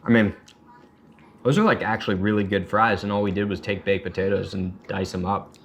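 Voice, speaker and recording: A man's voice: lowish voice, a little fast, slight background noise, poor audio. A chatty, jokey man hosting a casual cooking demonstration in a home kitchen. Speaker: chef host. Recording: loud sizzling pan behind voice. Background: frying and sizzling.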